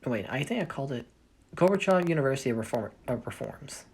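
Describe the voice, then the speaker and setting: A woman's voice: rumbling low, lively intonation, fast talker, a little mellow, husky. A woman explaining the setup of her fan story in a casual, rambling way, often stopping to correct herself. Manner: rambling, self-correcting, thinking aloud. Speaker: fanfiction storyteller.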